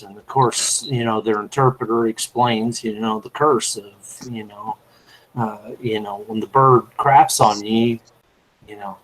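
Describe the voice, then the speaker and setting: A man's voice: fairly low pitch, steady tone, a little slow, low-quality recording. Rambling man telling a long tale. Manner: rambling, fills with "you know". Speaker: panel guest. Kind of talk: casual storytelling.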